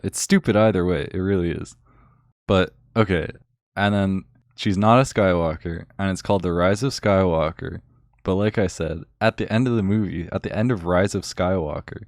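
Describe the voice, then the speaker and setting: A man's voice: sits low, no echo, studio quality. A man ranting casually and sarcastically to a friend, rambling with lots of filler words. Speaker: channel host.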